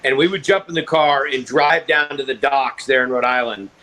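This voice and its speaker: A man's voice: medium pitch, normal speed, sharp tone, low-quality recording. A middle-aged man chatting over a video call from home, telling loose stories and laughing easily. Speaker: celebrity guest. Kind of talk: casual video-call chat. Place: home at a ranch.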